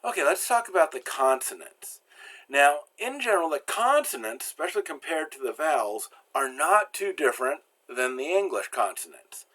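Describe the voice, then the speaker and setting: Lively-voiced man teaching pronunciation. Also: a little high, moderate pace. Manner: explanatory, stresses example words. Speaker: language teacher. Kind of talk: recorded pronunciation lesson.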